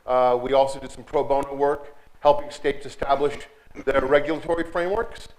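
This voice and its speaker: A man's voice: mid-range voice, fairly even intonation, normal speed, a little mellow, rough recording. A man who is president of an advisory firm, introducing himself on a panel in a polite, formal way with some hesitations.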